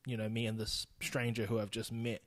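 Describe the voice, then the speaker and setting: A man's voice: lowish voice, level tone, brisk, no room sound. A young man with a New Zealand accent, talking casually and bluntly on his own podcast, laughing and swearing freely. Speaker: podcast host. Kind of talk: casual solo podcast monologue.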